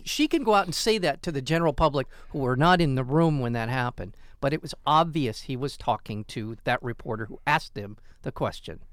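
Animated, indignant male co-host. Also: medium pitch, fairly quick, few pauses, no echo, studio quality. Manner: emphatic, indignant commentary. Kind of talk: casual comedic news chat.

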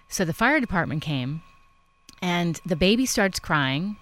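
A woman's voice: on the low side, expressive, unhurried. A woman interviewer chatting casually, telling a personal story with many affirming murmurs. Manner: warm conversational storyteller, frequent affirmations.

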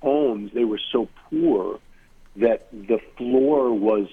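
Male author guest, husky and thoughtful, heard over a thin phone-like connection. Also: mid-range voice, takes it slowly. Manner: thoughtful, musing, many asides. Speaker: author being interviewed. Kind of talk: reflective conversational interview. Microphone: remote line from far away. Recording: tinny phone-like line.

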